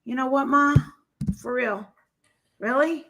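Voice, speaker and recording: A brash co-host with a New Jersey accent, her voice sitting high and ringing. She talks bluntly and loudly, cursing without a second thought. It is a loose, casual chat. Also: slow pace. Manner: loud, blunt, swears freely.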